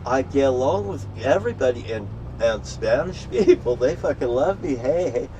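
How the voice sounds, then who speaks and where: A man delivering a profane, boastful, threatening rant outdoors, swearing constantly and breaking into loud outbursts. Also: mid-range voice, animated, moderate pace. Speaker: street ranter. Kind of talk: profane angry monologue. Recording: distant mic with faint background noise.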